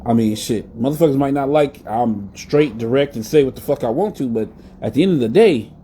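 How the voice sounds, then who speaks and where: A man's voice: mid-range voice, expressive, brisk, dark tone, slight background noise. A man hosting a live wrestling talk show in a blunt, profane, rambling way. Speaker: podcast host. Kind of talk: casual live-stream rant.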